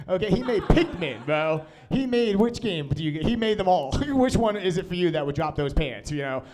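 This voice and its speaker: A man's voice: high voice, darkish tone. A man from Long Island with a Long Island accent, doing a live stand-up set in a small comedy club. He grew up with sign language as his first language and talks in a profane, self-deprecating way, full of "bro" and "dude.". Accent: Long Island New York. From Long Island, New York. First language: American Sign Language.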